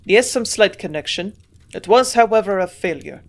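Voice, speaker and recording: A woman voicing a gruff old male German scientist with a strong German accent, grunting out his lines louder than her narration. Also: mid-range voice, animated, moderate pace.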